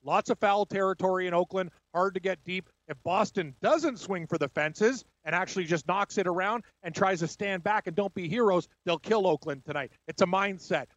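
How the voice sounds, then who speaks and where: High-voiced man talking sports bets. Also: fairly bright tone, no echo, highs cut off. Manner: brisk, confident betting analysis. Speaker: sports radio co-host. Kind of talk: casual sports talk.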